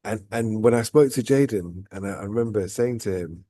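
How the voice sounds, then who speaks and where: A man's voice: fairly low pitch, brisk, few pauses, mellow, no room sound, studio quality. A man hosting a vlog, talking casually and at length, often tagging "right?" and "look" onto his points. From outside Dubai. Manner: rambling, repeats "right?" and "look". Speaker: vlog host. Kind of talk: casual reflective chat.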